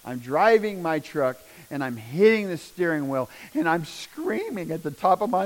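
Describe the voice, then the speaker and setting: A middle-aged man tells a deeply emotional personal testimony as a father, in a voice pitched slightly higher than most men's. His delivery is raw and intense, dropping to hushed lows and then rising loud again as he speaks. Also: sing-song, moderate pace, few pauses.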